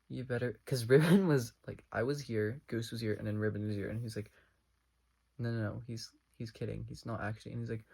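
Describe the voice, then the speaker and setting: A young man chats through a casual storytime, rambling and animated as he acts out each side of a conversation. His voice has a gravelly edge with a husky, breathy texture, and he keeps his pitch in an ordinary middle range. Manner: rambling, animated retelling full of fillers. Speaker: vlogger.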